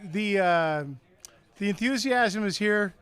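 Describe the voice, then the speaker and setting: A man with a fairly high voice co-hosts a live event broadcast. He talks haltingly, with many fillers and restarts, and sounds a little short on sleep. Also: fairly bright tone, clear, resonant tone. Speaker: co-host, launch official.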